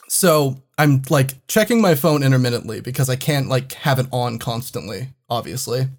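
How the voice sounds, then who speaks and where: A man telling a travel story in casual chat, animated and swearing often. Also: mid-range voice, moderate pace, few pauses.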